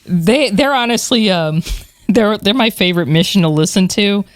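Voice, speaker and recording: A podcast co-host telling stories in an animated way, with plenty of fillers and laughs. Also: medium pitch, normal speed, no echo, studio quality. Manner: animated storyteller, many fillers, laughs while talking. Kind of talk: casual chat.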